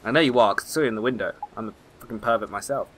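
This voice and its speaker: A man's voice: on the low side, rapid-fire, background noise. A man giving joking, self-mocking let's play commentary over a game, with game music behind. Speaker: gameplay commentator.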